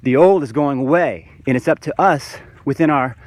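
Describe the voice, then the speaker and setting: A man's voice: on the high side, normal speed. A man in a spiritual monologue to camera, fervent and preachy, rambling with restarts and calling the viewers "guys". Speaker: vlogger.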